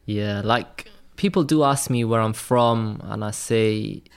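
With a lowish, clear, resonant voice touched by vocal fry, the Welsh graphic designer takes his time telling stories in a loose, chatty interview. His accent is light, and "like" and "man" turn up again and again.

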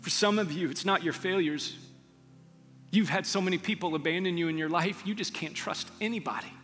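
Earnest preacher in a reverberant hall. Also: male voice, high voice, a little fast, a bit bright, soft background music. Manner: earnest storytelling preacher, rising to emphatic peaks. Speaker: pastor. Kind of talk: sermon. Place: church sanctuary.

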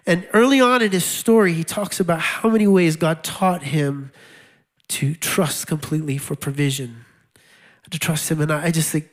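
A man's voice: a little high, normal speed. A male pastor preaching a sermon in a conversational way, with wry laughs and repeated key lines.

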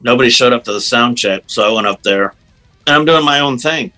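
Bright, lively-talking man guitarist. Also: mid-range voice, brisk, faint music behind, low-quality recording. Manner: animated storyteller, many "you know"s. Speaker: guest guitarist. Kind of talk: casual interview chat.

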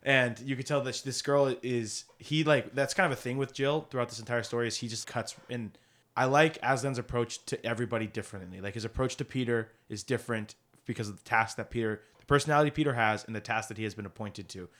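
A man co-hosting a casual podcast, his voice sitting at an ordinary middle pitch. He tells the story loosely, with many restarts and frequent laughs. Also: fast, fairly bright tone. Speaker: podcast co-host. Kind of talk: casual chat.

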